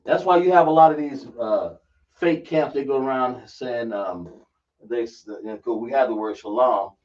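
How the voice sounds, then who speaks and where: A man's voice: medium pitch, normal speed, a little mellow. A man teaching a religious class, emphatic and quizzing his listeners with rhetorical questions. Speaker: religious instructor. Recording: dull, distant lo-fi recording.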